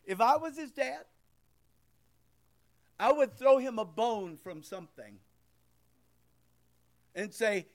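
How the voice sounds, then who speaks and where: A man preaching to his congregation. His voice sits very high for a man, and he takes his time, pressing each point home with rhetorical questions. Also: animated, slow, pauses often. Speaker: pastor. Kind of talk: sermon.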